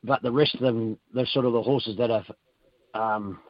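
A hoarse racehorse trainer, chatting casually on the phone with radio hosts, rambling along with plenty of fillers. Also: male voice, medium pitch, no echo. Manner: rambling, relaxed, halting with fillers. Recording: dull phone line.

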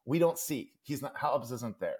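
Lively, enthusiastic man, a bit husky. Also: medium pitch, normal speed. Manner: enthusiastic, restarts mid-thought, reads comics aloud. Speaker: podcast guest. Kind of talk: animated book-club discussion.

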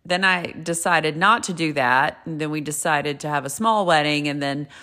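A woman's voice: deep voice, moderate pace, sharp tone. A woman in her fifties telling a candid personal story and giving advice in a frank, chatty way, with casual swearing. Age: 50s.

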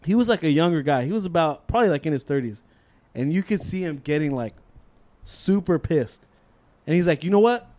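A man's voice: fairly high pitch, fairly quick. A young man co-hosting a podcast, telling a school story in casual chat, swearing a lot and acting out the voices of the people in it. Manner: animated storytelling, heavy swearing, acts out voices. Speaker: podcast co-host.

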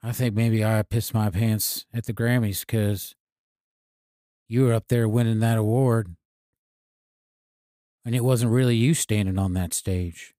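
A man playing a sheepish, hard-drinking male country singer who mumbles and hesitates in a soft, low drawl during an improvised comedy scene. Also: fairly even intonation, unhurried, long pauses, no room sound, studio quality, natural voice. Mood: earnest.

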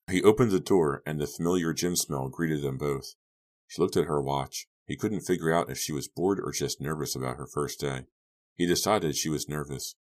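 A man narrates a young adult horror audiobook in a steady, even manner. His voice sits extremely low. He reads evenly and keeps the story moving. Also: moderate pace.

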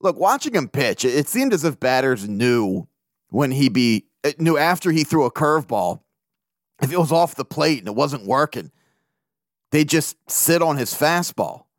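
A man's voice: medium pitch, big pitch swings, moderate pace, dry recording, clean studio sound. A man from the area, hosting a casual sports podcast, brash and joking and swearing freely. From Baltimore area. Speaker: podcast host.

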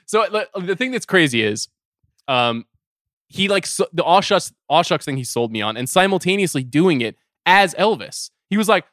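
A man co-hosting a casual podcast chat, animated and jokey, often laughing as he talks. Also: fairly high pitch, normal speed, no echo, clean studio sound. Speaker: podcast co-host.

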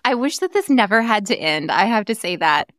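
A woman's voice: medium pitch, a little fast, no echo, studio quality. A woman hosting a podcast who chats casually and tells stories with lots of energy. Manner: animated storyteller. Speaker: podcast host. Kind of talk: casual interview chat.

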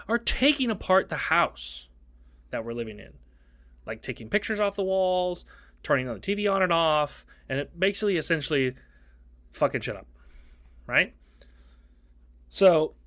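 Animated, profane man telling a story. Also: dry recording. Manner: animated, profane, does squeaky quoted voices. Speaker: podcast co-host. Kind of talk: casual storytelling chat.

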